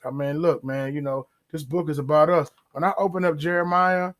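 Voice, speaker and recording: A man holds forth on a podcast in a voice pitched a touch higher than most men. He talks loosely and conversationally, slowing down to drag out key words and slipping into quick acted-out asides. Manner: animated, drawn-out emphasis and acted-out asides. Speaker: podcast host. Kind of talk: casual religious commentary.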